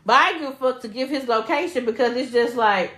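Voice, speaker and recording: A young woman with a high voice tells a story to her co-host in loose, profane, animated chat. She acts out the quotes as she goes. The room gives her voice a noticeable echo. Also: quick pace. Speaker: podcast co-host. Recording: echoey room.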